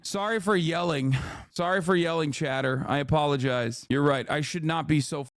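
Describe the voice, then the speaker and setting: A man's voice: on the high side, fairly quick, no echo, studio quality. A male streamer hosting a live commentary, ranting angrily and sarcastically with heavy profanity. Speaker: streamer host.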